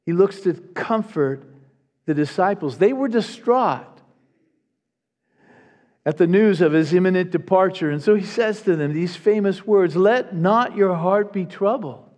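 High-voiced male preacher in a reverberant hall. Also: lively intonation, unhurried, pauses often, darkish tone. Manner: emphatic, earnest preaching with repetitions. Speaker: pastor. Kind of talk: sermon. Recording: long reverb of a large hall.

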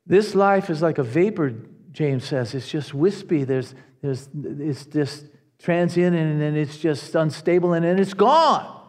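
A man preaching a sermon to his congregation, earnest and animated, often restarting his phrases. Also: on the high side, measured pace, in a large hall. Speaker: pastor.

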